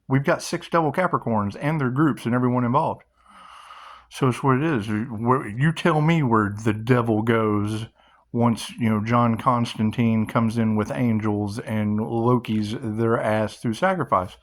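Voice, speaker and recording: A man's voice: medium pitch, measured pace. A middle-aged man hosting his own channel, giving a rambling spiritual monologue and storytelling, swearing casually and laughing often. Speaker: channel host.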